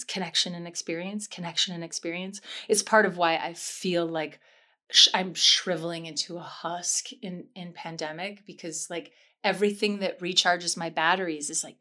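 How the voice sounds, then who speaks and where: A woman's voice: on the low side, pushed and bright. Effusive, self-deprecating woman improviser. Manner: effusive, self-deprecating, quick swings in energy. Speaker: improv comedian guest. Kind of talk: candid interview chat.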